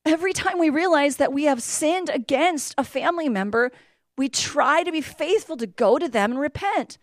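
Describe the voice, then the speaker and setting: A middle-aged woman giving a sermon to a congregation, telling stories that move between hushed asides and loud outbursts. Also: high voice, animated, moderate pace, no echo, clean studio sound. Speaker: church speaker and mother.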